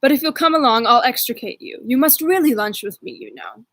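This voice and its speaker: A woman voicing a kindly, curious gentleman. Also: high-pitched, fairly quick, no room sound. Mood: insistent.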